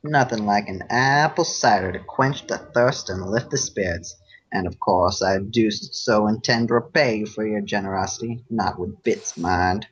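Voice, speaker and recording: A man's voice: fairly low pitch, normal speed, husky. A man voicing a drifting male pony adventurer in a folksy Southern drawl, flirtatious and mannerly. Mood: folksy charm. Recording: dull lo-fi sound.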